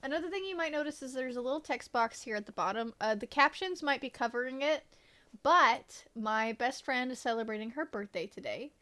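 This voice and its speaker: A woman's voice: high-pitched, expressive, brisk, bright, forceful tone. A woman game streamer in casual live-stream chat, greeting viewers and swearing offhandedly.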